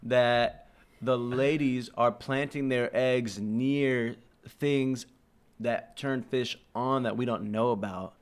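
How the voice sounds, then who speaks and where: A man's voice: medium pitch, slow pace, clean tone. A young man co-hosting a podcast, teasing his friends and laughing as he banters. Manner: teasing, animated, laughs a lot. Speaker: podcast co-host. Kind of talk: crude casual banter.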